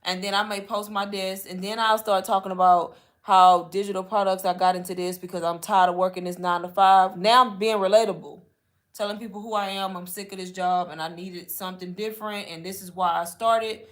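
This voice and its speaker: A woman talks viewers through an online marketing question in a relaxed live Q&A. She is chatty and instructive, explaining step by step at a middle pitch and speaking straight to her audience. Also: brisk. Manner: chatty, instructive, often says y'all. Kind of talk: casual live Q&A teaching.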